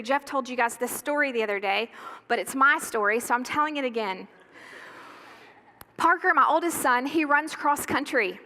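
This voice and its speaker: A woman pastor delivering a sermon with impassioned, emphatic preaching and dramatic pauses, in a church sanctuary. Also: high-pitched, sharp tone.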